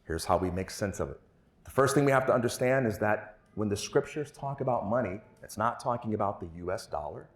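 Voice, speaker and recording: A man's voice: fairly low pitch, brisk. A man telling a story and speaking at a conference on a stage mic in a hall. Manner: storytelling, animated. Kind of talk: storytelling keynote talk. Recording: roomy hall echo.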